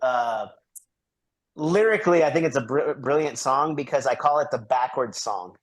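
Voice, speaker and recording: A man's voice: mid-range voice, expressive. A married man in casual podcast chat, restarting and repeating words as he works through his thoughts. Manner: halting, repeats words while working out a thought. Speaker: podcast co-host.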